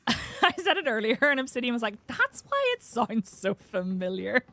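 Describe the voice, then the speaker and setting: A chatty woman streaming a space game, laughing often as she answers her chat. She speaks at a mid-range pitch into a desk mic. Faint game sounds hum underneath. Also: a bit bright. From United Kingdom. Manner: chatty, giggly, reads chat aloud. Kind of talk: casual live-stream chat.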